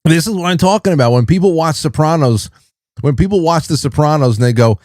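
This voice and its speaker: A man's voice: fairly high pitch, lively intonation, a little fast, darkish tone, no room sound. Brief: male show host, wry, rambling reel commentary, dry close studio sound. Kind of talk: casual commentary on video reels.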